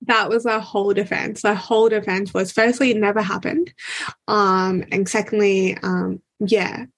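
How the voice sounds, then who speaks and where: Woman guest, mid-pitch, animated, exasperated storyteller in casual chat. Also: normal speed, husky. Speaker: interview guest. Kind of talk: personal storytelling in conversation.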